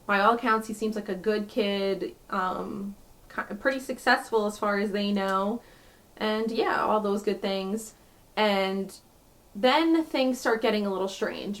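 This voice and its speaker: Chatty woman telling a true crime story. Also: medium pitch. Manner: chatty, heavy use of "like", indignant asides. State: out of breath. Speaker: true crime podcast host.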